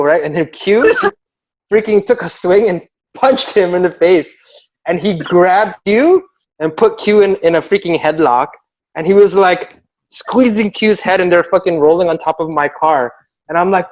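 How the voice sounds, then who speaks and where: Over muffled video call audio, a b-boy crew member chats casually, telling a rambling story and acting out quotes with yelling and laughter. His voice is a little high, and he talks at a moderate pace.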